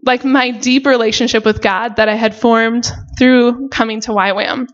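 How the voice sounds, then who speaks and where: A woman's voice: a little high, fairly even intonation, normal speed. Young woman telling her faith testimony, earnest and emotional, lots of likes and you knows, kinda dull lo-fi sound. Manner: earnest and emotional, many "like" and "you know" fillers. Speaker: missionary sharing her testimony. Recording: dull lo-fi recording.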